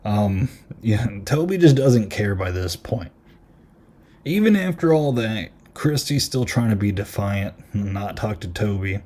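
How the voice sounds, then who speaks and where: A man with a lowish, darkish voice and lively intonation speaks at a measured pace. He hosts a podcast where he casually recaps a horror film, chatting with lots of "like" and "um" and retelling lines from the movie.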